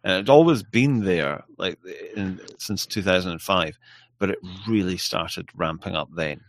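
A man's voice: deep voice, moderate pace, dry recording. A man from England in a casual podcast chat, blunt and opinionated, swearing freely. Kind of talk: casual conversation.

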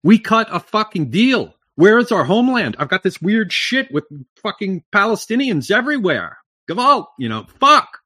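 A man putting on an exasperated man who rants far above his usual pitch, the voice pushing up into a strained, shrill register. The outburst is loud and indignant, heavy with swearing. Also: sing-song, normal speed, heavily acted.

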